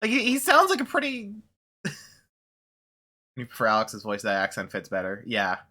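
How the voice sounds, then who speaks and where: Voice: mid-range voice, wildly swooping pitch, normal speed, sharp tone. A streamer chatting casually during a video game stream, rambling and swearing, often laughing. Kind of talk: casual gaming stream chat.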